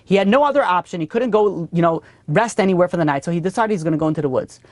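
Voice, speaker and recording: A man's voice: high-pitched, expressive, racing, no echo. A man teaching a class as a rabbi, telling stories animatedly and often repeating and restarting his phrases. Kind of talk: storytelling Torah lesson.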